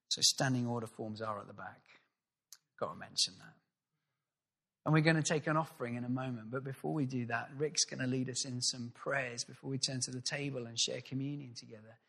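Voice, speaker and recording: A male pastor giving a sermon, telling the story with lively acted-out voices. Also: mid-range voice, slightly rough, big-room sound. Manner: animated storytelling, acts out voices.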